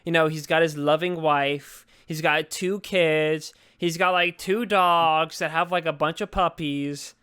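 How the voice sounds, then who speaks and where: A young man chatting casually on a movie podcast, rambling and cracking crude jokes. His voice sits high and comes across smooth and clear. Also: steady tone, unhurried, few pauses, bright, forceful tone. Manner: profane, rambling, joking. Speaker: podcast co-host. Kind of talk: casual movie review chat.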